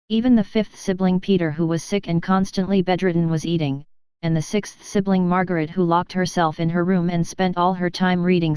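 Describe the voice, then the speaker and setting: Woman reading a novel out loud, slightly low voice, crisp and dry, steady pace. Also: no echo. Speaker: narrator. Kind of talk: scripted narration.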